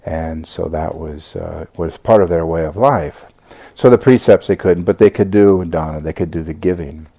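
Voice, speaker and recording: Older man, American accent, dharma talk, gravelly, mellow tone, halting with fillers. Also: low voice. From United States. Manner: halting, with many fillers and restarts. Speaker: Buddhist teacher giving a talk.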